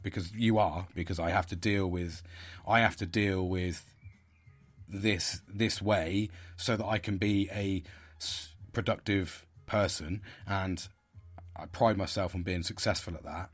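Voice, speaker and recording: A man's voice: deep voice, steady tone, a little slow, slightly rough. A man hosting a podcast, talking in a rambling, frustrated way with many restarts and fillers. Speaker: podcast host. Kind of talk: casual monologue.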